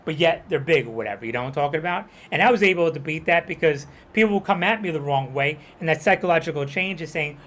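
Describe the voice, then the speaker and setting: A young man talks over his gameplay stream in a loose, rambling rant. His voice sits a little high, and he gets heated and swears freely. He keeps circling back with "you know what I'm talking about". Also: fast talker, few pauses, a bit bright. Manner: heated, profane. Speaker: gaming streamer. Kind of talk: casual livestream rant.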